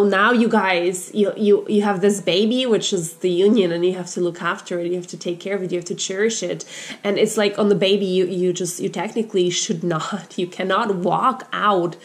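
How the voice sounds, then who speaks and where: A woman's voice: medium pitch, steady tone, moderate pace, slightly rough. Gushing woman giving a tarot reading. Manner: gushing, repetitive, effusive; frequent fillers and restarts, addresses viewers as you guys. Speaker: tarot reader. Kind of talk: casual tarot reading to camera.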